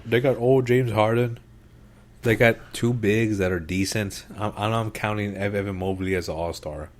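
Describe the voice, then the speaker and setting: A man co-hosting a sports podcast, chatty and excitable, calling his co-host "bro" and "dude.". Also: lowish voice, moderate pace. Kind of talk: casual sports chat.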